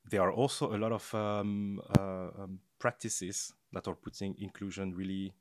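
Very low-voiced, hesitant male guest. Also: flat delivery, background noise. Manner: hesitant, many pauses and fillers. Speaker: podcast guest, architect. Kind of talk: casual conversation.

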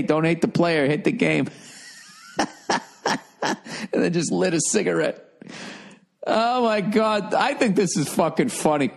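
A middle-aged man hosting a comedy advice podcast, reading listener letters and riffing loudly with profanity. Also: a little high, creaky. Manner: loud, profane, animated riffing with mocking put-on voices. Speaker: podcast host giving advice.

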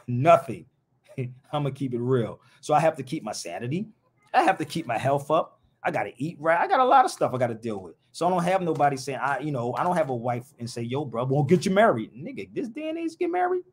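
A man's voice: medium pitch, husky. A man hosting a live show in a casual stream, talking in an impassioned, blunt and rambling way, heavy on slang.

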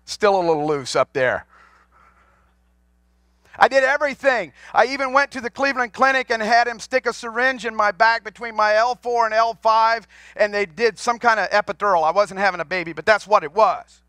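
A man's voice: sits high, normal speed, pushed and bright, no echo, clean studio sound. A man in his forties, a pastor, preaching a sermon to his congregation in a folksy storytelling way, asking them questions as he goes. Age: 40s. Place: church sanctuary.

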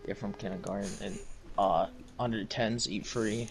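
A young man joking and making quick callouts while gaming with friends. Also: on the low side, steady tone, vocal fry, noisy background. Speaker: gamer in voice chat. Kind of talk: casual gaming banter.

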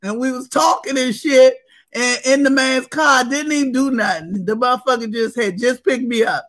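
A woman's voice: sits high, normal speed. A woman co-hosting a comedy chat over a video call, telling raunchy stories with big laughs and acted-out voices. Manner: animated, laughing, acts out other people. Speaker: comedy show co-host. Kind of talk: raunchy comic storytelling.

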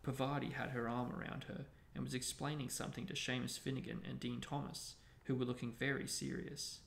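A man hosting a book discussion, narrating a novel aloud in a steady reading voice. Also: medium pitch, a little fast, gravelly. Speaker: host and book reader. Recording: echoey room, faint noise.

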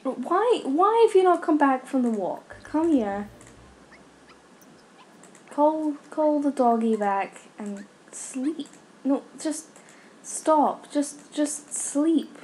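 A woman's voice: fairly high pitch, a little mellow. A young woman commenting on a life-sim game, scolding her characters in exasperation. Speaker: gaming YouTuber. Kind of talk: casual Let's Play commentary.

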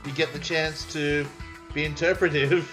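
A man's voice: on the high side, unhurried, over music. An Australian man hosting a trivia segment, teasing and laughing often. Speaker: trivia show host. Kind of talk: casual group banter.

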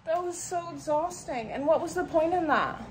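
A woman's voice: very high voice, normal speed, rough recording. A young woman vlogging casually, frank and profane, rambling in exasperation and worn out. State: tired and sweaty. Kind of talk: casual vlog chatter. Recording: phone vlog with clear background noise.

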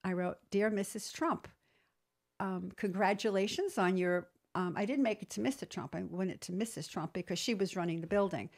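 A woman entrepreneur telling stories in an interview, lively, acting out quoted dialogue. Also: fairly low pitch, brisk, creaky, hardly any pauses. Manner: animated storyteller, acts out quoted dialogue. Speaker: entrepreneur guest; business trainer. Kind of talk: storytelling interview.

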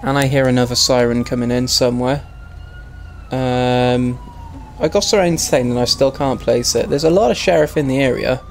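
A man with a hoarse, strained voice, chatting casually while streaming a game role-play. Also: medium pitch, normal speed, a little hiss or hum. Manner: chatty, laughs at himself.

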